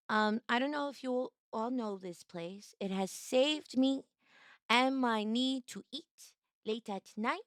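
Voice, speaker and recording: A woman's voice: fairly high pitch, slow pace, fairly bright tone, clean tone, no echo, studio quality. A woman streamer chatting casually on a live stream, greeting viewers by name in a bubbly, playful way.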